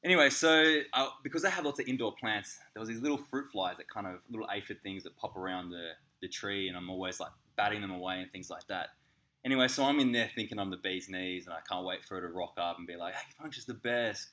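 An Australian man, an acupuncturist, telling a funny story in casual podcast chat, animated and laughing as he acts out the people in it. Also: lowish voice, quick pace. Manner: animated, laughing, swearing, acts out voices in anecdotes.

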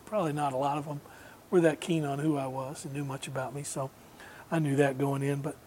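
A man, a guest musician, telling a long anecdote in relaxed, rambling conversation, laughing now and then. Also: a little high, a little fast, slight background noise. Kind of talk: casual storytelling.

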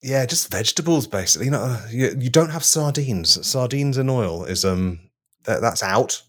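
A man's voice: mid-range voice, lively intonation, moderate pace. A man co-hosting a comedy podcast, telling rambling stories in casual chat and laughing often. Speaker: podcast co-host.

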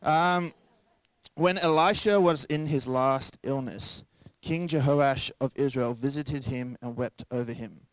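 A man's voice: medium pitch, unhurried, no room sound. A young man preaching a sermon in a casual, joking way, acting out quoted voices along the way. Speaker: pastor.

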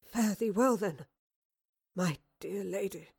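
A woman's voice: mid-range voice, slow, gravelly, a little mellow, slightly rough, no room sound, clean studio sound, heavily acted. Woman voicing a dying man's plea. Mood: tender farewell. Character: dying man, gentle and urgent.

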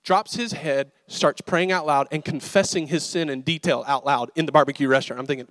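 Casual pastor preaching. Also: male voice, fairly high pitch, fairly quick, few pauses, no room sound, studio quality. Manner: casual storytelling, animated and conversational. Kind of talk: sermon.

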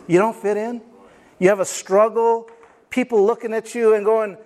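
A man's voice: high-pitched, normal speed. A man preaching a sermon to his congregation, acting out the voices of biblical figures and asking for an "amen". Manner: animated, acts out quoted voices; call and response with congregation. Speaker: pastor.

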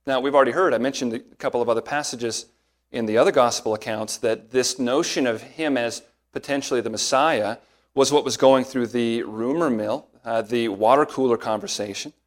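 A man preaching an expository sermon as a pastor, earnest and emphatic, slowing down and speeding up to stress key points. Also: medium pitch.

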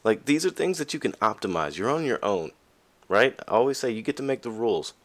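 A man hosting a podcast, talking candidly and casually to listeners, with frequent fillers and restarts, and his voice jumps up high when he stresses a point. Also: brisk. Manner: lively, pitch jumps high for emphasis. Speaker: podcast host. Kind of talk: casual motivational monologue.

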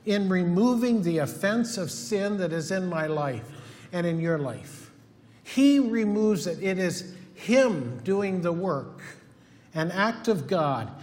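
A middle-aged male pastor preaching a sermon in an earnest, emphatic way, repeating his key points. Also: sits high. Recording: long hall reverb.

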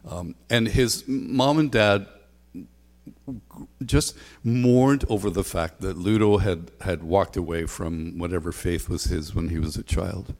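Low-voiced male pastor in a reverberant hall. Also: measured pace. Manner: conversational, with frequent ums and repeated refrains. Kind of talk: sermon.

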